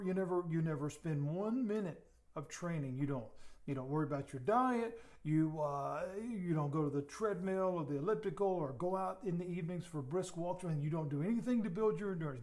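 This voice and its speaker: A man teaching as a pastor, earnest, often repeating himself and dropping his voice for emphasis. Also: high voice. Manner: earnest, repeats words, drops to soft emphasis. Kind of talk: sermon teaching.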